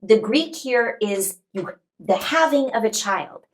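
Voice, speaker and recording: A woman guest, a New Testament scholar, explaining scripture in an emphatic, expressive way and acting out quoted speech. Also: medium pitch, measured pace, a little hiss or hum, poor audio.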